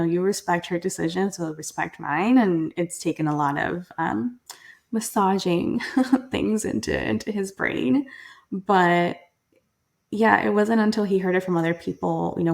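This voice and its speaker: A young woman with a low, gravelly voice is a guest on a podcast, telling stories candidly in an interview. She is earnest, restarts her sentences often and says "like" a lot, and she quotes her family in lively voices that bring them to life.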